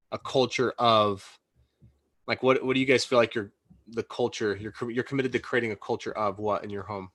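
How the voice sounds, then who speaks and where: Casting: male host, bright and crisp voice, friendly interviewer, dry sound. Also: medium pitch, no echo. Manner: friendly interviewer, asks questions. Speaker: podcast host. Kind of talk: casual interview.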